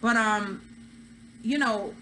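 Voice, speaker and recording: A woman with a higher-pitched voice speaks slowly while hosting a reality TV recap, with background noise audible. She's chatty and opinionated in her casual commentary, acting out the things people said.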